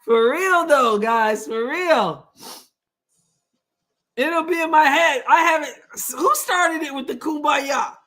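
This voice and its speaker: Laughing, slow-talking woman streamer. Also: high-pitched, pushed and bright. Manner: laughs often, sings playful call-and-response prayer lines. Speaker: live-stream host. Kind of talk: casual live-stream chat.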